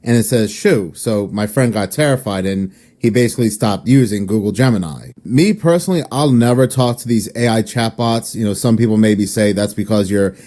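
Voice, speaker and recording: A man narrating a cautionary story in casual commentary, steady in his retelling. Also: fairly low pitch, normal speed, hardly any pauses.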